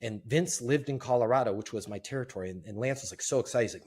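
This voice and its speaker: A middle-aged man speaks at a mid pitch, telling a story with energy and poking fun at himself. He is a guest in an interview. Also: quick pace, hardly any pauses, slightly rough. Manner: energetic, self-deprecating storyteller. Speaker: sales trainer, guest.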